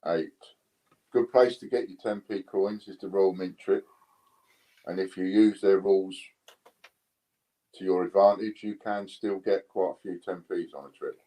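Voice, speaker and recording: A British man hosting a casual live stream, relaxed as he counts down bids. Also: sits low, a little slow, long pauses, poor audio. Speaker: live stream host running coin auctions.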